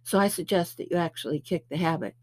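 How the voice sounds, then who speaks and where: A woman voicing a patient male spirit guide who lectures and gently scolds. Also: lowish voice, quick pace, lightly acted. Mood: lecturing.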